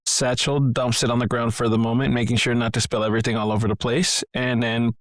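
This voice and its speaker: Man, tabletop player, soothing and playful, mid pitch, dry close mic. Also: level tone, fast talker, dry recording. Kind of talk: tabletop role-play, narrating his character's actions.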